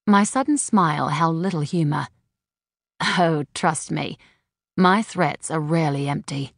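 Low gravelly woman narrating an audiobook. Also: measured pace, no room sound, studio quality. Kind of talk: first-person audiobook narration.

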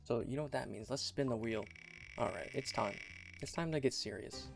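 A man's voice: medium pitch, brisk, creaky, music in the background. A young man giving casual, rambling commentary on a god-simulation game, often repeating and restarting his phrases. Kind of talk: casual let's-play commentary.

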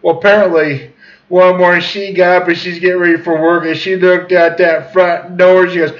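A storyteller in his 40s from southern Missouri rambles through a folksy tall tale, chuckling as he drifts onto tangents. His voice sits high and moves at normal speed, captured on a dull lo-fi recording.

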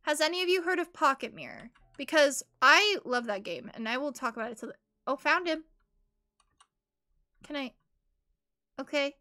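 A young adult woman streaming a game live, chatting excitably in casual commentary and breaking into high giggles. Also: moderate pace, pauses often.

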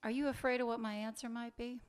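A woman reading the lines of a sharp-tongued woman in a secret affair, cutting, sarcastic and impatient, in a live fiction reading. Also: on the high side, level tone, quick pace, clear, resonant tone, lightly acted. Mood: mocking. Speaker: reader of a story's dialogue.

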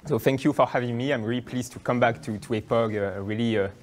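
A man's voice: mid-range voice, fairly even intonation, fast talker. French-accented young man giving a talk. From France. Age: young adult. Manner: hesitant, many fillers and restarts. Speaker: guest lecturer. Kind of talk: academic talk.

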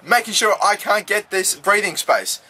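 An Australian man calling his own video game football match like a sportscaster. His voice sits high and sounds bright and sharp. He drifts between steady play-by-play and sudden loud, cursing rants at the referee. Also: moderate pace, slightly rough. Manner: swings from calm play-by-play to loud, swearing outbursts. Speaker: gaming YouTuber. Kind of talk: excitable game commentary.

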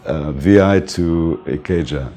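Very deep-voiced older man reminiscing. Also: slow. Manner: relaxed, reminiscing, often says "man", laughs between points. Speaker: music manager interviewed. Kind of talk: casual storytelling interview.

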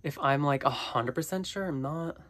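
A man's voice: fairly high pitch, normal speed. Nasal, congested young man reviewing dolls. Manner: chatty, excitable, lots of ums and likes. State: stuffy nose, congested. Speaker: doll collector and reviewer. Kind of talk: casual review vlog.

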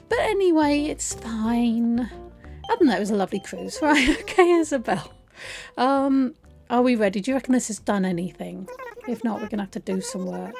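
A woman's voice: a little high, expressive, normal speed, vocal fry, darkish tone, faint music behind. A woman hosting a let's play, telling a story in a chatty, rambling, self-deprecating way. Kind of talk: casual storytelling over gameplay.

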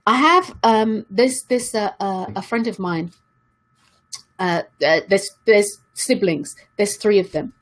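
A woman's voice: mid-range voice, slow pace. A woman giving an earnest motivational talk to her viewers, repeating key questions for emphasis. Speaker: self-help speaker.

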